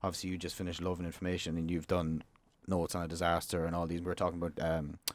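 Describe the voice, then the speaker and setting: A man's voice: sits low, level tone. A young man hosting a casual podcast chat, joking and teasing his guests. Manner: teasing, quick banter. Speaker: podcast host.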